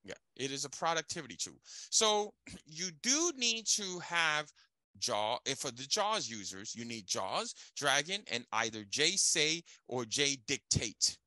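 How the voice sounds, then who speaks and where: A man's voice: a little high, measured pace, no room sound. A man leading a casual tech training session, emphatic and checking in with listeners. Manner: animated, emphatic, checks in with "okay?". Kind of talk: casual teaching chat.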